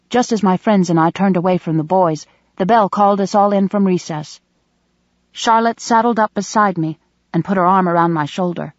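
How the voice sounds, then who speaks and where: A woman narrating an audiobook in first person, with an even, measured reading. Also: lowish voice, no room sound. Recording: dull dry close recording.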